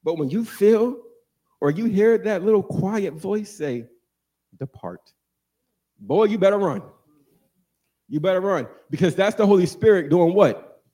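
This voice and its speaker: A man preaching a sermon, animated and joking, asking the congregation questions and answering them. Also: high-pitched, moderate pace. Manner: animated, call-and-response, jokes with congregation.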